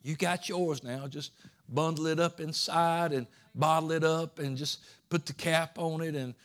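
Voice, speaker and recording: A man with a Georgia Southern accent voicing the enemy as a male spirit, coaxing in a hushed voice. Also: on the high side, fairly even intonation, unhurried, natural voice.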